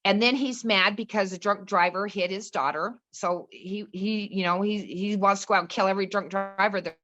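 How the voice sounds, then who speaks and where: A woman's voice: mid-range voice, fairly even intonation, moderate pace, a bit bright, highs cut off. A middle-aged woman, a podcast guest, telling a personal story in an earnest, rambling way. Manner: earnest, rambling, restarts and quotes others. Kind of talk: casual storytelling chat.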